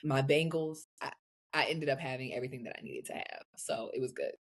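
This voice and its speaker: A woman co-hosting a podcast in casual chat, blunt and profane, often jumping into high, excited bursts. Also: a little fast. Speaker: podcast co-host.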